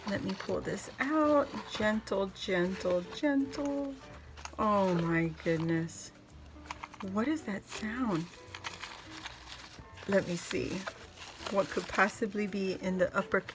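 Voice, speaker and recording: Gushing woman vlogger, soft music behind. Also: mid-range voice, slow pace. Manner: gushing and effusive, with frequent laughs and exclamations. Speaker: craft vlogger opening gifts. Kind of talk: casual unboxing chat to camera.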